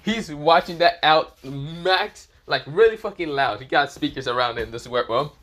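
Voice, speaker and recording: A young man narrating an improvised fan story off the cuff, rambling and casual, swearing freely. His voice is bright and clear, and he keeps circling back on the same filler phrases. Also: fairly high pitch, normal speed. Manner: rambling, casual, swears, repeats "this is where, well".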